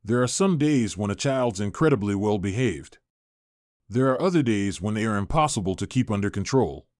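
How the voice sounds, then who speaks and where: Guy reading a story out, steady and even, mid pitch, dry booth sound. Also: dry recording. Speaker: narrator. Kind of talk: scripted storytelling narration.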